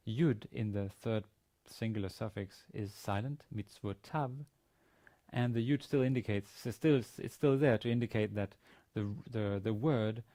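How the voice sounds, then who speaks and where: A man with a gravelly, dark voice pitched on the low side lectures on Biblical Hebrew at a university. He reads sentences out in Hebrew, gives translations, and walks through the grammar methodically, step by step.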